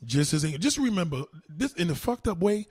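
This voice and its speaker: Streamer guy going off at his chat, pitch all over the place, kinda husky, dry sound. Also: fairly quick, no room sound. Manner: loud, profane, heated, animated. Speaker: online streamer. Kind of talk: profane rant to a live chat.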